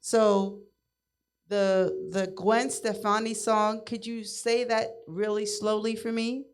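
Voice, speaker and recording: A woman's voice: medium pitch, flat delivery, slow, clean tone. Upbeat woman radio host. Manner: upbeat, affirming, chatty. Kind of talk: casual call-in interview.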